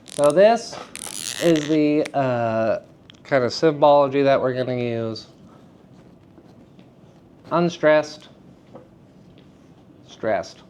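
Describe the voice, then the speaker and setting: A man giving a live drama workshop to high school students, chatty and self-deprecating, often turning to the class with questions. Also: drawn-out words, long pauses, darkish tone, a little hiss or hum.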